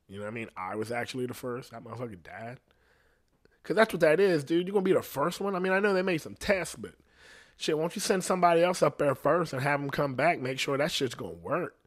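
A man with a mid-range voice rants on his podcast in a loose, comedic way. He swears constantly, laughs at his own points, and now and then sinks into a low mutter. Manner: profane, rambling, laughs often; drops to a low mutter at times. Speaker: podcast host. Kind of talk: casual comedic rant.

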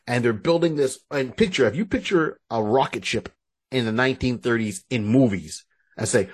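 Husky guy recapping a film on a podcast, very animated voice. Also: mid-range voice, moderate pace. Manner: lively, acts out movie dialogue. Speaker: podcast co-host. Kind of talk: casual chat.

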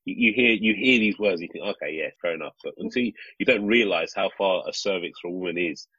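A man with a very deep, husky voice tells a story in casual podcast chat. He rambles and restarts often, and his delivery stays animated. The recording is dry and a little dull, like a lo-fi mic. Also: quick pace, dry recording. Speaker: podcast co-host, father.

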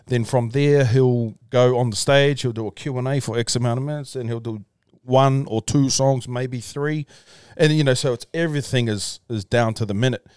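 Man, podcast guest, casual storytelling, drops swear words, says bro, dry close sound, mid pitch. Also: steady tone, normal speed, darkish tone, smooth, no room sound. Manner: loose, swearing, says "bro", talks in restarts.

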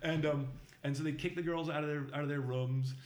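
A middle-aged man from the Boston area telling a long anecdote in casual conversation, halting with many fillers and restarts and mimicking other people's voices in much higher tones. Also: fairly even intonation, darkish tone. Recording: roomy echo.

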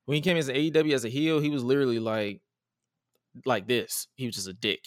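Recorded dry at studio quality, this podcast co-host speaks quickly at medium pitch. On his wrestling show he's casual and animated, profane, and fond of acting out quotes.

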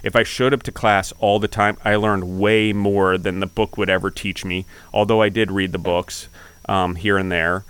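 A man's voice: low voice, little pitch movement, moderate pace, fairly bright tone, clean tone. A man hosting a podcast interview, talking in a reflective, encouraging way. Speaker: podcast host. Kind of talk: casual interview chat.

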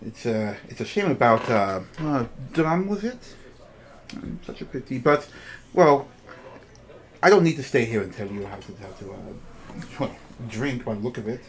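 A man voicing a tall, haughty female cat-person rival who talks down to others with drawn-out, condescending sneers in a tabletop game. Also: mid-range voice, expressive, lightly acted. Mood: sneering.

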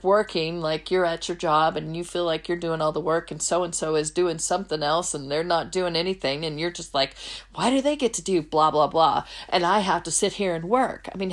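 Woman host telling a faith story. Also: medium pitch. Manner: storytelling, acts out quoted voices. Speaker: podcast host. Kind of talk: faith-based casual talk.

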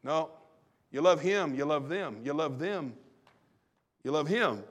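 A male pastor delivering a sermon with animated emphasis, acting out quoted voices and repeating phrases for effect. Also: a little high, slow.

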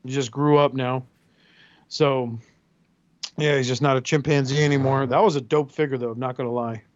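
A man's voice: mid-range voice, fairly even intonation, moderate pace, dull audio. A man co-hosting a podcast in casual chat, telling rambling profane stories and acting out quotes. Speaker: podcast co-host.

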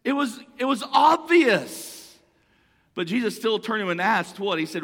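A man's voice: sits high, big pitch swings, moderate pace, fairly bright tone, breathy edge, in a large hall. A man preaching a sermon in a conversational way, often repeating and restarting phrases. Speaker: pastor.

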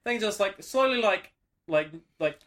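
A man's voice: high voice, lively intonation, measured pace, fairly bright tone. A man in casual podcast chat, talking loosely with many fillers. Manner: loose, filler-heavy ranking of film characters.

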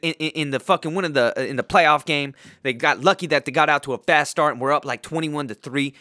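A man's voice: a little high, fairly quick, bright, forceful tone, no room sound, studio quality. A man giving football picks in a profane, rambling casual rant, full of fillers and restarts. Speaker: host making football picks.

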